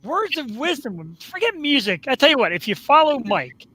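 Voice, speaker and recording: A man hosts a live show in a bright, high voice, upbeat and joking as he chats with a guest over a video call. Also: big pitch swings, normal speed, low-quality recording. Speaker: host. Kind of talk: casual talk-show chat.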